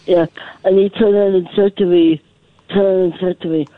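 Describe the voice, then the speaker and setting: A man's voice: sits high, steady tone, no echo. Hesitant Scottish man on a tinny phone. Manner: hesitant, halting. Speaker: caller.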